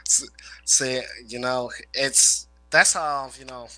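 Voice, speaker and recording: A man's voice: mid-range voice, fairly even intonation, slow pace, pushed and bright, soft background music, low-quality recording. A man with a rural Midwestern country twang, rambling through stories in casual chat and swearing freely. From Illinois/Indiana area. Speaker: guest, former garbage man.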